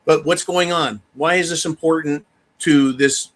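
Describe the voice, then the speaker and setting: Male livestream host, bright and somewhat high voice, emphatic, blunt and profane. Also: unhurried. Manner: emphatic and animated, addresses viewers as folks, swears freely. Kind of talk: casual livestream commentary.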